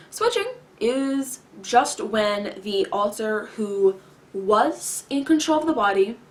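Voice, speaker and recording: A woman vlogger answering viewer questions in a deliberate, enunciated way, with long pauses, many filler words and some throat-clearing. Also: medium pitch. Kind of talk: casual explanatory talk to camera.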